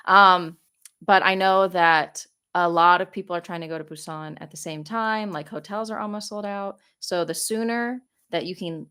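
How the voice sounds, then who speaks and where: A woman's voice: fairly low pitch, fairly bright tone. A young woman hosting a casual live Q&A from her phone, gushing with thanks and rambling as she answers questions. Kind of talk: casual livestream chat. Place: home, living in South Korea.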